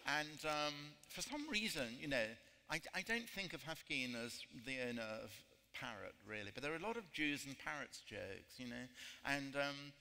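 A man's voice: fairly high pitch, animated, normal speed, gravelly, bright, forceful tone. Rambling man telling jokes on stage. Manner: rambling, self-deprecating storyteller. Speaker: author and festival guest. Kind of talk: festival talk with jokes. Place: festival stage. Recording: hall reverb, faint ambience.

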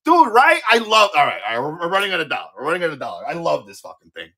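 A man in his thirties hosting a live-auction stream in casual chat, excitable, swearing freely and often repeating his words. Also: a little high, rapid-fire, breathy edge. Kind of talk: casual livestream sales chat.

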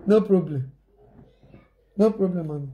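A woman's voice: lowish voice, a little slow, dark tone, muffled recording. A woman with a Nigerian accent talking casually to her viewers in a rambling, repetitive way, mixing in pidgin phrases.

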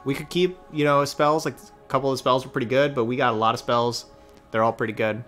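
A male streamer talks through his card game in a loose, chatty way, thinking out loud and catching his own slips. His voice sits at an ordinary middle pitch, with faint music underneath. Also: fairly even intonation, quick pace. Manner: chatty, thinks aloud, self-correcting. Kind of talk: casual gameplay commentary.

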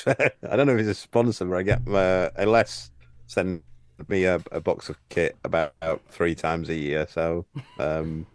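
A man's voice: sits low, steady tone, a little slow, smooth, no room sound. A man who coaches tennis, explaining things on a podcast with anecdotes and restarts. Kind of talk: casual podcast chat.

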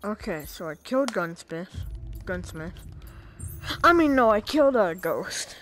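A woman's voice: mid-range voice, big pitch swings, unhurried, a bit bright, slight background noise, poor audio. A woman giving casual commentary while playing a video game, reacting with frustrated exclamations. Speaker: gamer. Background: game music.

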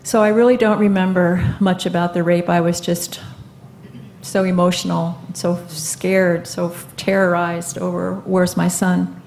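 A woman in her seventies speaking onstage at a live event, telling her own story in an earnest, halting way with many fillers and restarts. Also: on the low side, level tone, vocal fry, darkish tone, a little hiss or hum. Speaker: guest speaker. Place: live event stage before an audience.

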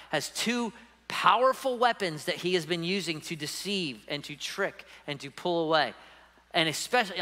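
A man preaches to his congregation in a bright, forceful voice pitched a little high. He talks emphatically but conversationally, often checking in with his listeners. The sound carries a long reverb from a church hall. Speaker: pastor. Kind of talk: sermon. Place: church sanctuary.

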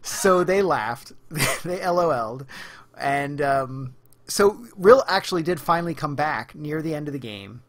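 A mid-pitched podcast co-host tells a story in casual chat. The delivery is lively and full of fillers, with frequent laughter. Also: measured pace.

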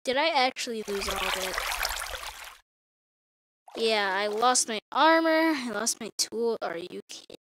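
A woman with a high voice chats loosely through her gameplay, correcting herself as she goes and talking straight to viewers. A steady noisy hiss and clicking sit under her voice on a home computer mic. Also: a little slow, long pauses. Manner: rambling, self-correcting, talks to viewers. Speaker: gamer. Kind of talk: casual gameplay commentary.

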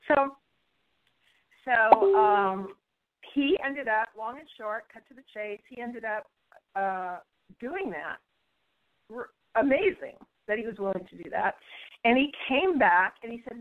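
A woman's voice: fairly high pitch, expressive, measured pace, long pauses. Bubbly woman guest chatting over a tinny phone line, acts out the voices in her story. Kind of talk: storytelling in a radio interview.

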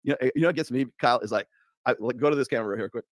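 A man's voice: mid-range voice, no echo. A man talking casually as a guest on a show, joking about himself and acting out what other people say. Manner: rapid, chatty, self-deprecating, does quoted voices. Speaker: podcast guest. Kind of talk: casual talk show conversation.

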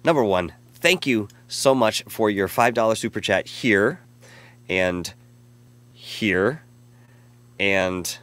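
A man's voice: lowish voice, lively intonation, slow pace, pauses often, fairly bright tone. A man hosting a casual live stream, rambling and effusive as he reads out chat messages and thanks viewers. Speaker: live show host.

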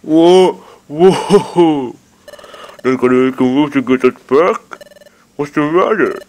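A man's voice: a little high, takes it slowly, darkish tone, poor audio. A man doing a brash jeering gas-ball thug. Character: blustering male gas-ball bully sidekick.

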